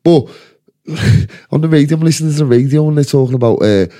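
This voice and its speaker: A man's voice: on the high side, fairly quick, warm tone. Sweary Scouse man ranting. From Liverpool, England. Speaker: podcast host. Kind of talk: casual chat.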